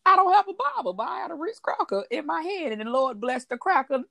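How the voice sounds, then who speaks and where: A woman's voice: extremely high pitch, sing-song, fast talker, creaky, pushed and bright, no room sound. A woman co-hosting a faith talk broadcast, chatty and laughing often as she talks. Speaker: podcast co-host. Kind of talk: casual faith talk chat.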